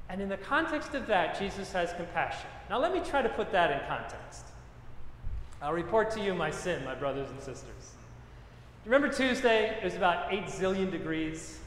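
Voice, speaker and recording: A man's voice: sits high, fairly bright tone, a little hiss or hum. A middle-aged man, a pastor, preaching a sermon with emphatic repetition and personal stories. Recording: echoey hall with long reverb.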